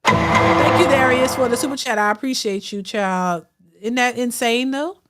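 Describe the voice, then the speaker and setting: A middle-aged woman talks casually to her livestream viewers, thanking them for super chats as she goes. She is blunt and outspoken, and she often stumbles and restarts. Her voice sits a little high for a woman. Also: normal speed, heavy background noise. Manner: outspoken, repeats herself, frequent restarts. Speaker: host of a reaction livestream.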